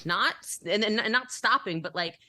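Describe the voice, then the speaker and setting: A woman telling a personal story as a podcast guest, animated and giggly, upbeat in manner. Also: medium pitch, normal speed, dry recording.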